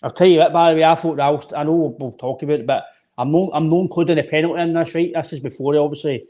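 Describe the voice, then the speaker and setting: A man's voice: on the high side, fairly even intonation, fast, dark tone. A Scottish man co-hosting a football podcast, talking emphatically in a casual chat and often calling his co-host "mate". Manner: emphatic, restarts phrases often, says "mate" a lot.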